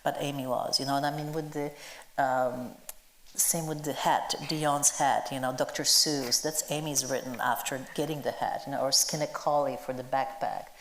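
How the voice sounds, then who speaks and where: A woman's voice: very deep voice, steady tone, moderate pace, slight background noise. A woman being interviewed about her work as a costume designer before a live audience, talking in an enthusiastic, chatty way with lots of fillers. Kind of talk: onstage conversation before an audience. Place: event hall with a live audience. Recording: roomy hall echo.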